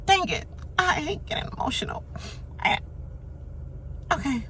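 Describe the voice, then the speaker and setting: A woman's voice: sing-song, pushed and bright, a little hiss or hum, heavily acted. A woman parodies a gushing houseguest near tears, her voice pushed far above her normal range and trembling. The speech halts and stumbles through nervous ums. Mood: teary, gushing. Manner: high, wavering and teary, with halting ums. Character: tearful gushing female houseguest giving a shaky farewell speech.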